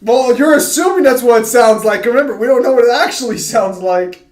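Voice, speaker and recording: A man's voice: very high-pitched, fairly quick. A man hosting a casual gaming chat with friends, teasing and laughing often. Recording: echoey room.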